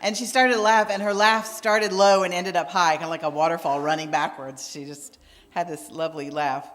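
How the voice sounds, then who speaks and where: A woman minister tells a story from the pulpit, bringing the people she quotes to life in their own voices. Her voice sits on the low side, and a long reverb from the church sanctuary trails after her words. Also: fairly even intonation, normal speed. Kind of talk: sermon with storytelling.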